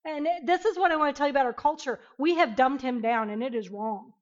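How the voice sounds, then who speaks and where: A woman teaching an interactive Bible lesson, emphatic and animated, questioning her class. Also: sits high, quick pace, dull audio.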